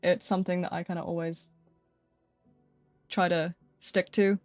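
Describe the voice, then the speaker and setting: A woman's voice: fairly low pitch, flat delivery, a little slow, darkish tone, dry recording, soft background music. Young British woman, casual streamer, chatty and giggly, dry close sound. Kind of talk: casual live-stream chat while gaming.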